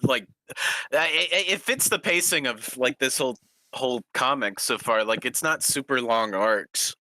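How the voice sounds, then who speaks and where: A man's voice: medium pitch, moderate pace, bright, forceful tone, rough recording. A young man in a casual podcast chat, giving brief laid-back remarks. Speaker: podcast co-host.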